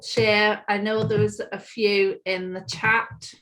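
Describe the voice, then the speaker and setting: A woman co-hosts a workshop over a video call, taking her time over every phrase. She is upbeat and practical, laughing easily as she gives advice, in a medium-pitched voice. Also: flat delivery, takes it slowly, a bit bright, poor audio. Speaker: workshop co-facilitator. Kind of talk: online workshop talk.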